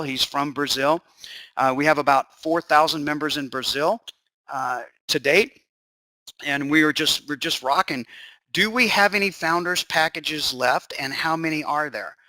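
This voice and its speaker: A man speaking into a computer microphone, his bright voice sitting a little high. He pitches to a live webinar audience with eager, rambling enthusiasm and fields questions from the chat. The sound is dry and close. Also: no echo, low-quality recording. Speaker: webinar host.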